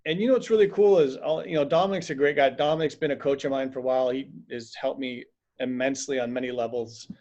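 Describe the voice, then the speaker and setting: A man chatting casually on a video call, telling stories with animated acted-out quotes. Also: medium pitch, fast. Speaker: acupuncturist and host. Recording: dull lo-fi video call audio.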